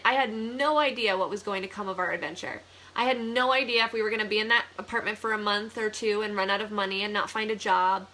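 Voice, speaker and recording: A young woman from the Buffalo area telling a personal story in a casual vlog, chatty and animated, laughing often. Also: mid-range voice, a little hiss or hum. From Buffalo, New York area. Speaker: vlogger, real estate agent.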